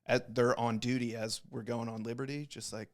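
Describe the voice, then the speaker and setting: A young man in his twenties, a podcast guest who tells stories with lots of swearing. He slips into quoted voices as he talks. His pitch sits in the ordinary middle range for a man. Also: moderate pace. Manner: profane, animated, acts out quoted voices. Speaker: guest, Navy corpsman. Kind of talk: casual storytelling.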